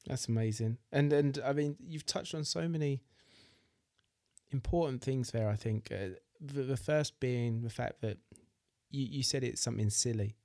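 A man's voice: medium pitch, normal speed, dark tone, dry recording, studio quality. A man hosting a podcast, talking supportively with his guest and repeating words as he gathers his thoughts. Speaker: podcast host. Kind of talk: casual interview chat.

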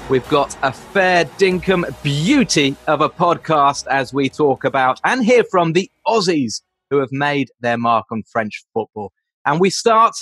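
A man's voice: fairly high pitch, fairly bright tone, slightly rough, no room sound. Chatty podcast host man, dry sound. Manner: chatty, loose with fillers and restarts. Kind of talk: casual podcast hosting.

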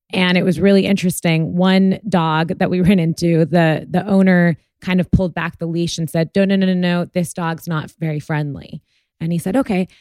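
A woman's voice: lowish voice, darkish tone, dry recording, clean studio sound. A woman hosting a podcast interview, telling a personal story earnestly with plenty of fillers. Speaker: podcast host. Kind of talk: conversational interview.

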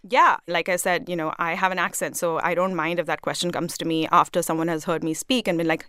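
A female reporter guest in a studio, explaining quickly and earnestly. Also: fairly low pitch, a bit bright, smooth, no room sound. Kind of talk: conversational interview.

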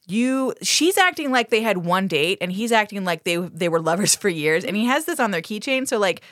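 A woman's voice: mid-range voice, expressive, brisk, fairly bright tone, no echo, clean studio sound. A woman co-hosting a podcast, recapping a TV episode in casual chat, laughing often, swearing, and acting out the characters' lines in funny voices. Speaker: podcast co-host.

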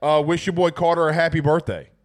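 Sick sports-talk host, stuffy nose, laid-back rambling delivery, slightly high voice. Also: male voice, brisk. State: congested from a cold. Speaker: podcast host. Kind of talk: casual sports talk, reading viewer comments.

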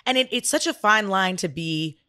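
A woman's voice: normal speed, no echo, studio quality. A woman in her thirties co-hosting a parenting podcast in casual chat, acting out dialogue with big swings in her voice. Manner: animated storyteller who acts out dialogue with big pitch swings. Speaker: podcast co-host.

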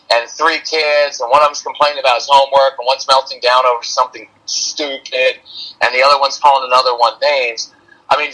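Husky, bright-voiced man on a podcast. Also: medium pitch, rough recording. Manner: earnest, conversational, acts out parent and kid voices. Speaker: parenting guest. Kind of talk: podcast conversation.

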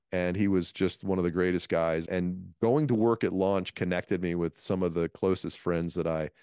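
A man in his fifties, a comedian guest, telling stories from his career in a lively interview. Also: low-pitched, clear, resonant tone, dry recording, studio quality. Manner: animated storyteller, restarts phrases. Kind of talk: storytelling interview talk.

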